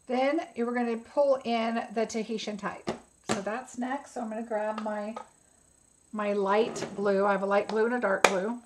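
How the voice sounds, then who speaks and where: A woman's voice: a little high, steady tone, moderate pace, background noise. A woman giving a casual step-by-step craft tutorial, chatty and instructive, thinking aloud as she works. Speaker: craft demonstrator.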